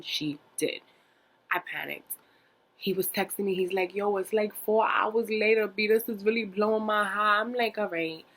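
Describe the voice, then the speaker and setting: A young woman telling a story in a casual vlog, animated and dramatic, swearing freely and packing her talk with fillers. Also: fairly low pitch. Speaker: vlogger.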